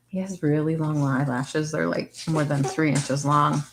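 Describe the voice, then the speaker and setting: At a measured pace and with fairly even intonation, a woman hosts a relaxed crafting stream from her home, talking with viewers. Every so often she turns to her dog in high-pitched baby talk or lowers her voice to a soft whisper.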